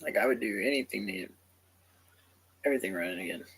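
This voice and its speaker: A man's voice: fairly low pitch, fast talker, fairly bright tone, breathy edge, low-quality recording. A man in his thirties talking casually to camera as a gaming vlogger, rambling and swearing freely. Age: 30s. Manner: profane, rambling, laid-back.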